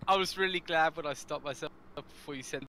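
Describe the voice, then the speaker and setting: A man's voice: on the high side, fairly quick. A man from Wales chatting while gaming, telling stories with swearing and frequent laughs. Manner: lively storytelling, swearing, laughing often. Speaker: gamer in voice chat. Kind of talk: casual chat.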